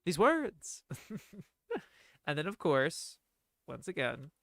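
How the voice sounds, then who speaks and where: A young man streaming casual film commentary, animated and laughing, reading dialogue lines aloud. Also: a little high, very slow, creaky, loud music behind the voice.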